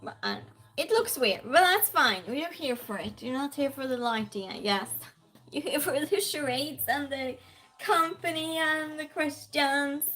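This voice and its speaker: A woman with a high, light voice speaks at a slow, easy pace. She hosts a casual live-stream game night, chatting, laughing often and greeting each viewer by name. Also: lively intonation, sharp tone, faint music behind. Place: at home by a desk lamp.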